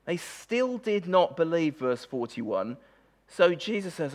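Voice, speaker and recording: Animated, emphatic male preacher. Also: a little high, takes it slowly. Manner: emphatic, animated, stumbles and repeats words. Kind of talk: conversational sermon on a Bible passage.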